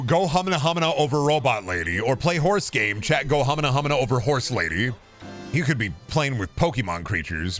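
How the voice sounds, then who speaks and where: Animated joking man streaming a game. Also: lowish voice, normal speed, faint music behind. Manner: loud, joking, yells at the game during races. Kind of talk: casual gaming stream chat.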